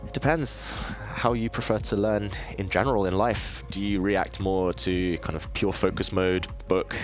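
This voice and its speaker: A man with a low, deep voice talks through his chess moves on a live stream. He thinks aloud, chats easily with his viewers and pokes fun at himself. Soft music plays faintly behind him. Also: fairly even intonation, moderate pace. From southeast England. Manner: thinks aloud, self-deprecating, chatty with viewers. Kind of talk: casual live-stream commentary while playing.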